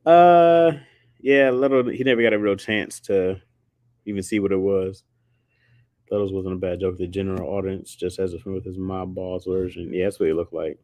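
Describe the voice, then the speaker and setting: A man's voice: sits low, fairly even intonation, normal speed, darkish tone, dry recording. A man chatting casually on a livestream, slangy and rambling, laughing often. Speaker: streamer.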